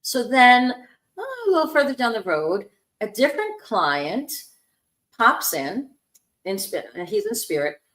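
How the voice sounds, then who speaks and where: A woman hosting a spiritual talk show, telling a story warmly and acting out the voices in it. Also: a little high, unhurried, reverberant. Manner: animated storyteller, acts out quoted voices. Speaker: host, spiritual medium.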